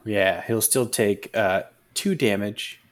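A man player lays out his character's actions in a relaxed, halting way. His voice sits somewhat low. He fills his pauses with small filler words. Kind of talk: casual tabletop game play.

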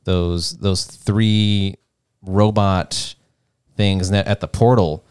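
Smooth-voiced easygoing man. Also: low-pitched, little pitch movement, very slow, a little mellow, no room sound, clean studio sound. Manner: easygoing, joking. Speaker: podcast co-host, player. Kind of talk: casual chat.

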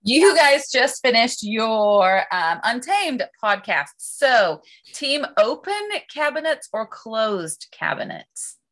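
A woman hosting a podcast who poses questions in a steady, matter-of-fact way during casual chat. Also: on the high side, slow, hardly any pauses. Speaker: podcast host asking questions.

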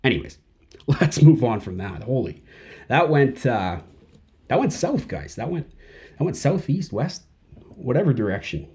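A man's voice: medium pitch, sing-song, a little slow, long pauses, a little mellow. A man hosting a podcast in a casual monologue, rambling and full of fillers. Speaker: podcast host.

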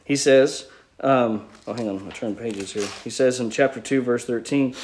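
A man preaching from the pulpit, working through a scripture passage point by point. He speaks at a middle pitch in an earnest, teacherly way, often restarting his phrases as he explains. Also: moderate pace, a little mellow. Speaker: pastor. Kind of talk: sermon.

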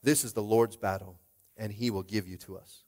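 A man preaching a rousing sermon, swinging from hushed asides to shouted climaxes. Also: lowish voice, fairly even intonation, moderate pace. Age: adult with a young child. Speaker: pastor.

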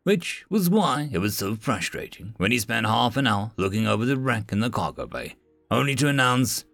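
A man reading a comedic story with wry, dry timing. His voice carries a gravelly grain and moves up and down freely. The mic is close and dry, with faint music beneath. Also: fairly low pitch, lively intonation, normal speed, a bit bright, dry recording. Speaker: story narrator. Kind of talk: scripted narration.

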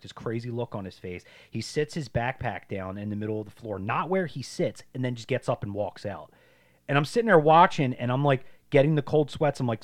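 Male podcast co-host, rapid rambling delivery, crude casual chat. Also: medium pitch. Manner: rambling storyteller, heavy swearing and "like" fillers.

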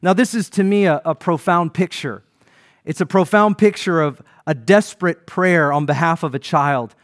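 A man's voice: on the high side, moderate pace, dry recording, clean studio sound. A man preaching a sermon as pastor, building emphasis and calling on the congregation to respond.

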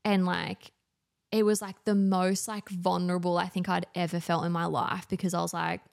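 Woman, Australian accent, gravelly, chatty storyteller, lots of fillers. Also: on the low side, flat delivery, moderate pace. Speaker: podcast guest. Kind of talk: casual chat.

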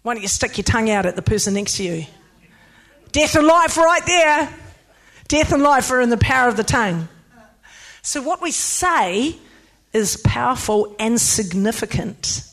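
A woman pastor, preaching a sermon in an emphatic, lively way with playful asides. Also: fairly high pitch, normal speed.

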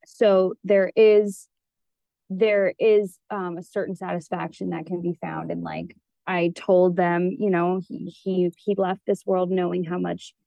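A woman's voice: on the low side, flat delivery, measured pace, gravelly, warm tone, no echo. A woman therapist talking as a podcast guest in an earnest, rambling way, with many fillers, and sounding teary. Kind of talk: casual conversation.

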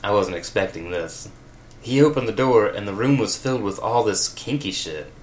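A man's voice: fairly low pitch, expressive, normal speed. A man reading comedic fan fiction aloud, with wry, laughing asides. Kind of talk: comedic read-aloud with commentary.

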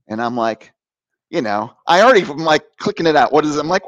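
A middle-aged man telling a personal story on a talk show, animated and laughing as he acts out the voices of others. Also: fairly high pitch, fast talker, no room sound, low-quality recording. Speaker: guest.

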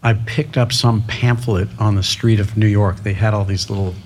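Man, husky, lowish voice, middle-aged, animated storyteller in an interview. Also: normal speed. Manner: animated, quoting others in lively voices. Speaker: interview guest, restaurateur. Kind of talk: storytelling in casual conversation.

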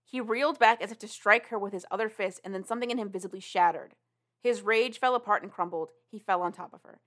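A woman's voice: medium pitch, fast talker, a bit bright. A woman co-hosting a casual podcast, rambling through a story recap full of "like" and restarts. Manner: rambling, filler-heavy retelling with "like". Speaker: podcast co-host. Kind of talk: casual chat retelling a story.

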